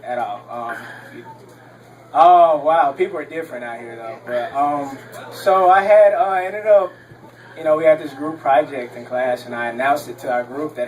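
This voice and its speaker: A man's voice: fairly high pitch, normal speed, far from the mic, poor audio. A young man from Texas doing a stand-up comedy set on a club stage, rambling with lots of ums and laughing at his own jokes.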